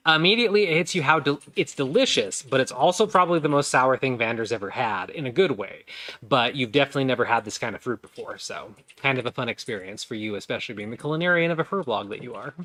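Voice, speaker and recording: A man's voice: medium pitch, lively intonation, quick pace, bright, forceful tone, no echo. A man narrating a tabletop game as game master, describing the scene in detail.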